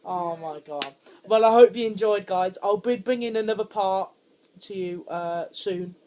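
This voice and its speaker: A young man giving let's play commentary on a horror game, jumpy and quick to scream when startled. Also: high voice, mellow. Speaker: gaming channel host.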